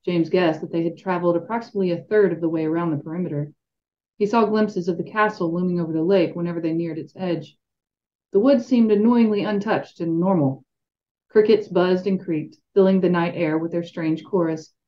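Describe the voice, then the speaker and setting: A woman's voice: on the low side, brisk. A woman reading a fantasy novel aloud expressively as a podcast co-host, with light asides. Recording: dull lo-fi sound.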